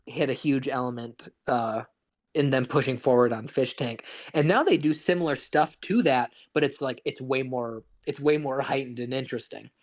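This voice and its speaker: A man co-hosting a podcast, chatting casually about movies, rambling with frequent restarts. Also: mid-range voice. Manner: rambling, restarts often, laughs along. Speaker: podcast co-host. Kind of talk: casual film chat.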